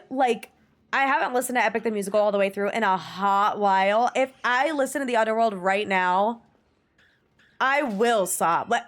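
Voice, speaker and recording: A woman streaming live, chatting casually with viewers and gushing emphatically, with the odd swear. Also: medium pitch. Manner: gushing, emphatic, swears, reads chat aloud. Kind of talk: casual livestream chat.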